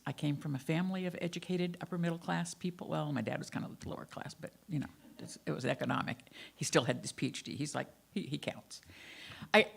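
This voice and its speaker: A woman's voice: sits low, creaky. An older woman minister with a faded Southern accent, giving a candid, self-deprecating sermon about her own life to her congregation. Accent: Southern American, faded. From American South. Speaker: guest minister. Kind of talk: sermon with personal storytelling. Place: church sanctuary.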